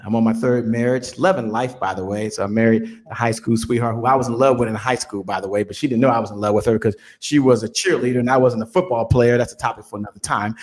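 A man in his fifties, a business guest on an interview show, telling stories in an animated motivational way and often repeating words as he builds up. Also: mid-range voice. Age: 50s. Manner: animated storyteller, repeats words when excited.

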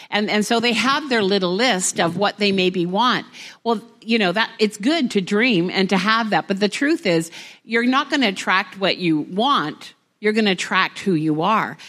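A woman's voice: medium pitch, a bit bright. A woman pastor preaching to a congregation, talking plainly and rising to emphatic exhortation. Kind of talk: sermon. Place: church hall before a congregation.

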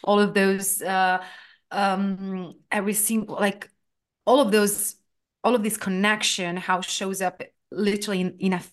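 A woman's voice: medium pitch, flat delivery, unhurried. A woman hosting an interview, talking with enthusiasm in a loose, rambling way full of fillers. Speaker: podcast host. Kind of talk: casual interview chat.

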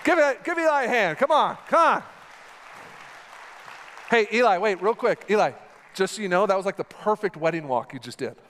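A man preaching a sermon in a church, talking in an animated, conversational way while he acts out a scene with a volunteer on stage. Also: high-pitched, normal speed, pauses often, a faint crowd, slight background noise. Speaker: pastor. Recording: long hall reverb with faint music.

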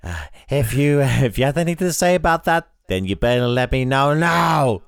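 A man voicing a menacing alien-possessed woman gang boss in a creepy, husky, demonic voice, in a comedy podcast. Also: medium pitch, expressive, normal speed, no echo, studio quality, pitched above the performer's own voice.

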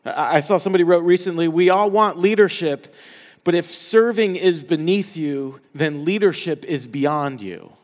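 Male pastor, slightly higher voice, impassioned sermon delivery, long hall reverb. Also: moderate pace. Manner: passionate, dropping to hushed tones for quotes.

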